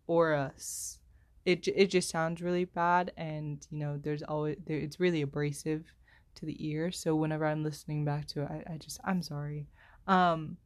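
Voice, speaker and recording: A young woman rambling alone into a headphone microphone, self-deprecating and apologetic, with many filler words and slow pauses while she searches for words. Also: lowish voice. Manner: speaks slowly, pauses to find words. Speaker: solo podcaster. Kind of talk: rambling solo chat.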